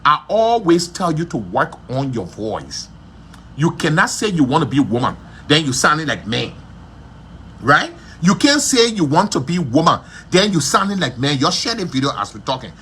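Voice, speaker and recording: Animated man ranting on a livestream. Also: fairly high pitch, normal speed, slight background noise. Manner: animated, repetitive and scornful. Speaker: livestream host. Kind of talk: gossip commentary livestream. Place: his shop.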